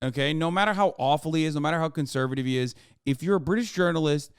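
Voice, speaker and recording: Sex: man. Role: streamer host. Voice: clear, dry. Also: a little high, fast talker, no echo. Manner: blunt, profane, riffing. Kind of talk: casual reaction commentary.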